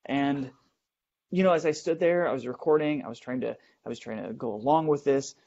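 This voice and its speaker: A man hosting a show, telling a first-person ghost story in a halting way, with many fillers and restarts as he builds suspense, in a dull lo-fi recording. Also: mid-range voice, a little mellow. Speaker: host.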